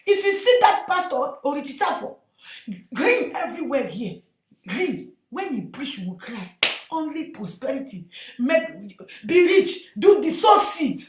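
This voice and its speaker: High, lively woman preaching fervently. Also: normal speed, echoey room, a little hiss or hum. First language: not English. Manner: impassioned, shouting bursts, addresses listeners as my sister. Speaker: evangelist preacher. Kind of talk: fervent sermon.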